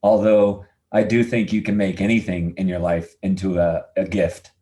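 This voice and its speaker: Animated storytelling man with a low voice. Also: normal speed. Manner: animated storyteller, acts out quoted voices, laughs easily. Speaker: podcast guest, adventurer. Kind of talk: casual storytelling interview.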